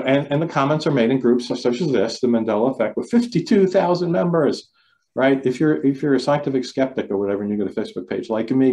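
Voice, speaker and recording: A man's voice: mid-range voice, dark tone. A man giving a critical thinking talk over a video call, loose and repetitive, often asking his listeners questions. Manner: loose, repeats words, asks the audience questions. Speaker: lecturer. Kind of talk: online talk to a club.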